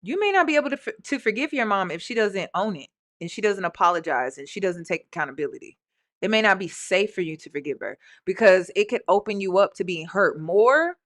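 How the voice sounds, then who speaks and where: A woman's voice: medium pitch, expressive, a little fast, fairly bright tone. A woman hosting a reaction video, speaking directly to her viewers in a blunt, skeptical, casual way.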